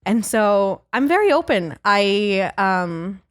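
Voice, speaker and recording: A woman's voice: mid-range voice, big pitch swings, slow pace, clear, resonant tone, no echo, clean studio sound. A woman talking as a guest actor on a podcast, chatty and self-deprecating, laughing easily. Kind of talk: podcast interview chat.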